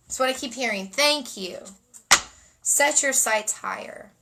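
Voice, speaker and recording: A woman's voice: sits high, a little slow, background noise. A woman giving a spontaneous spiritual card reading, dreamy and emotional, often repeating phrases. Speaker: oracle card reader and energy healer.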